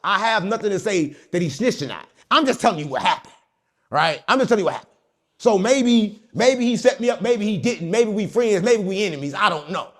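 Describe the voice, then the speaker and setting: A man's voice: high-pitched, fairly quick. A man telling a story as an interview guest, joking and mimicking the people in it. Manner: animated, joking, mimics others. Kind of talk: casual storytelling.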